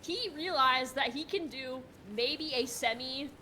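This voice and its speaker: A woman's voice: high voice, normal speed, noisy background. A woman chatting casually on a live stream, laughing often and acting out mock outrage.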